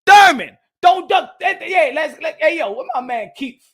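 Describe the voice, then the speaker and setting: High, gravelly, bright ranting man. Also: expressive, unhurried. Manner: loud, profane, mocking; mixes in Spanish phrases. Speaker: boxing commentator. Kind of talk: ranting commentary.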